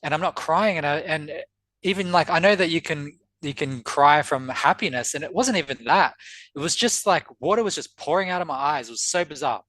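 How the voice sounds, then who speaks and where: A man's voice: on the high side, brisk, pushed and bright, dry recording. A middle-aged man telling a personal story on a podcast, earnest and reflective, often repeating words as he recalls. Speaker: podcast guest.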